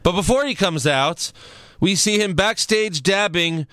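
A man's voice: high voice, measured pace, a bit bright, no room sound, clean studio sound. A young man hosting a casual podcast, recapping wrestling in a loose, rambling way with some swearing. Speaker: podcast host.

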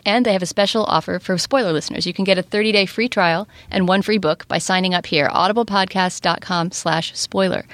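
A woman hosting a podcast, talking quickly and enthusiastically in casual chat and reading a sponsor spot. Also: lowish voice, fairly bright tone, dry recording. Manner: fast, talkative, enthusiastic. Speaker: podcast host.

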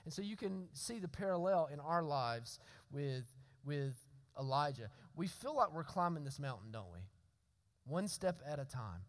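A man's voice: on the high side, big pitch swings, normal speed. A man preaching a sermon as pastor, earnest, often repeating and restarting words and asking "right?" to the congregation.

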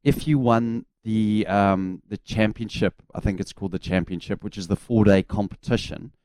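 A man's voice: fairly low pitch, moderate pace, a little mellow, dry recording, clean studio sound. A man in his forties with a New Zealand accent, a former cricketer telling laid-back anecdotes as a guest on a casual radio chat.

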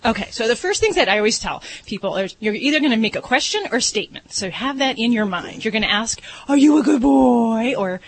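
A woman veterinarian and regular guest on a radio show, explaining things in a relaxed way. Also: fairly high pitch, fast, few pauses, a little hiss or hum, rough recording. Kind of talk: casual radio chat, explaining.

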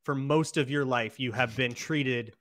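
A man's voice: medium pitch, measured pace, a bit bright. A man hosting a sports podcast, setting up topics in a wry, teasing, casual way. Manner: steering the conversation, wry and teasing.

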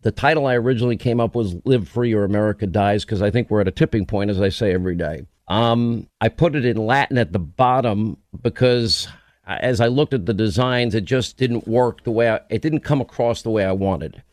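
A man's voice: on the low side, a little fast, darkish tone, no room sound, studio quality. A man with a New York accent, hosting a radio show in casual, rambling chat with many restarts.

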